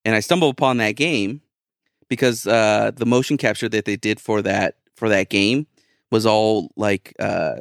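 A man with a fairly low voice, chatting casually on a podcast. He speaks in a relaxed, halting manner with plenty of "you know" and "uh". The sound is dry and close. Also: gravelly, dry recording. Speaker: podcast co-host.

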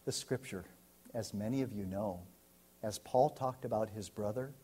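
An American man, a pastor, preaching a sermon and telling a story, swinging from loud to hushed. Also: fairly low pitch, moderate pace, husky. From United States.

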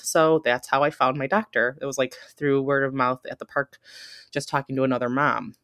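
A woman in her thirties tells a story from her own life in a low, dry-sounding voice. She rambles and restarts, peppering every thought with "like" and "you know". She stays candid and close to tears. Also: fairly even intonation, brisk, a bit bright, no echo. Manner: rambling, heavy use of filler words like "like" and "you know"; emotional and candid. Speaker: podcast host. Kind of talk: casual personal storytelling.

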